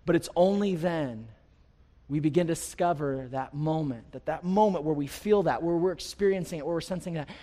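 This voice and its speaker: A man preaching a sermon as a pastor, conversational with light humor, swinging from quiet stretches to loud, rising passages. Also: on the high side, a little fast. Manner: preaching with wide swings in loudness, rising to near-shouts. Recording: long hall reverb.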